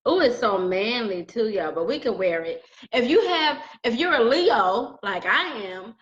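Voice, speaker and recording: A woman's voice: medium pitch, a bit bright, roomy sound, a little hiss or hum. A middle-aged woman teaching crystals in a casual video, joking and chatting straight to her viewers. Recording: dull lo-fi sound.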